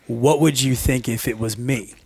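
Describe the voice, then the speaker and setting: Male coach guest, middle pitch, eager storyteller, dry close recording. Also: fairly even intonation, creaky, warm tone, slightly rough, dry recording. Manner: eager, storytelling, quick to agree. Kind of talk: casual chat.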